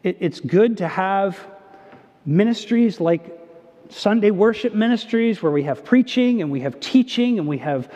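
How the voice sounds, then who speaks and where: A man preaching a sermon as pastor, earnest, moving between emphatic and hushed delivery. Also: high voice, animated, unhurried. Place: church sanctuary. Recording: dull sound with long church reverb.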